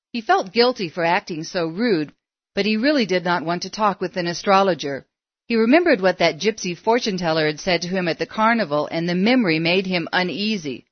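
A woman narrating a story in a measured, steady storytelling manner. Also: fairly low pitch, no room sound. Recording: dull, dry lo-fi recording.

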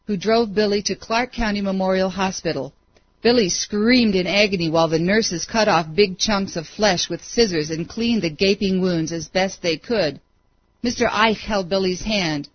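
Woman reading a story aloud, steady dramatic pace, mid pitch, dry muffled sound. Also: no room sound. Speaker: narrator. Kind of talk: audiobook storytelling. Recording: dry, dull lo-fi recording.

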